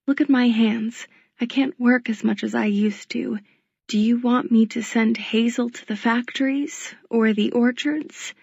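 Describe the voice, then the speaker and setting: A woman voicing a worn, worried middle-aged working mother who speaks softly and pleadingly, close to tears. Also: a little high, fairly even intonation, unhurried, vocal fry, husky, dry recording, muffled recording, exaggerated voice. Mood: defensive. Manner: soft, pleading, tearful.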